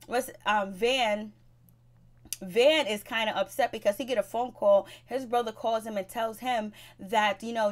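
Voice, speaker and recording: A woman recapping a reality TV episode in a chatty, gossipy way, with blunt advice to viewers. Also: fairly high pitch. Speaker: TV show recap host. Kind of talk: casual recap commentary.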